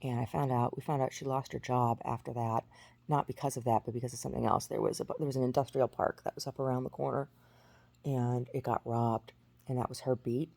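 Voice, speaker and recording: Gravelly husky woman telling a story. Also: a bass voice, steady tone, a little fast, warm tone, no room sound. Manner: rambling, many restarts and fillers. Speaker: vlogger. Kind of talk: casual storytelling monologue.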